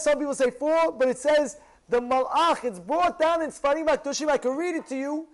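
Rabbi, male, very high voice; animated, emphatic preacher who keeps asking his congregation questions, non-native English phrasing. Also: poor audio. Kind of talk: sermon to a congregation.

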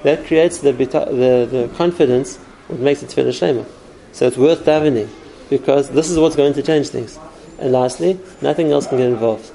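A man's voice: mid-range voice, normal speed, gravelly, few pauses, dark tone, low-quality recording. A man giving an earnest spoken Torah class, explaining step by step with numbered points. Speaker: Torah teacher.

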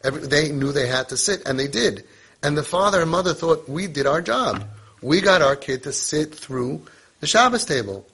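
A man's voice: a little high, expressive, moderate pace, fairly bright tone, husky. A middle-aged man teaching a casual parenting lesson, mixing Hebrew and Yiddish terms into his conversational talk.

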